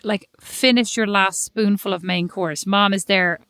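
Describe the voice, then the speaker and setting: A woman's voice: medium pitch, steady tone, a little slow, a bit bright, smooth, dry recording, studio quality. A woman with an Irish accent co-hosting a podcast, teasing and mock-judging her sister. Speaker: podcast co-host. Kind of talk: casual chat.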